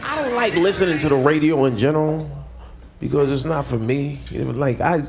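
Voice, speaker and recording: A man's voice: a little high, expressive, fairly quick, a crowd in the background. A man doing a stand-up set in a comedy club, ranting in an exasperated tone.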